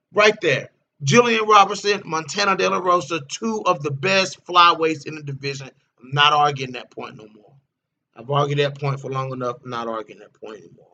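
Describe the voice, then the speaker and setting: Male livestream host, higher bright voice, blunt and profane, fired-up rant. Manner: blunt, profane, repeats himself. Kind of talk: casual livestream commentary.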